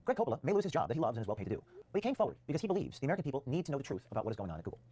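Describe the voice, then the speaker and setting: A man's voice: medium pitch, sing-song, rapid-fire, dark tone, husky. A man presenting a news video, narrating a scripted piece in an emphatic, rousing way.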